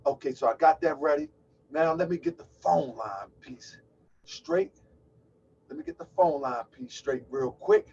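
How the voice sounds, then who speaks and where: A man's voice: fairly high pitch, wildly swooping pitch, a little slow, gravelly, a little mellow, husky. A man hosting a call-in livestream, chatty and loose, exclaiming and laughing as he sets up. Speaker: host of a call-in show. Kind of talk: casual livestream talk. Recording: distant, dull lo-fi mic.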